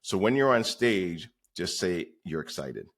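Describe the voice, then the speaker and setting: A man's voice: deep voice, big pitch swings, measured pace, fairly bright tone. A man guesting on a podcast, telling stories in a rambling, conversational way with many fillers. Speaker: podcast guest, real estate coach. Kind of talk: conversational storytelling.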